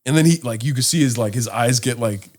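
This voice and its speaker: A man co-hosting a casual podcast, telling stories with lively acted-out quotes and plenty of swearing. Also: medium pitch, fairly quick. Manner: animated storyteller, acts out quotes, swears freely. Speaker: podcast co-host. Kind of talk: casual chat.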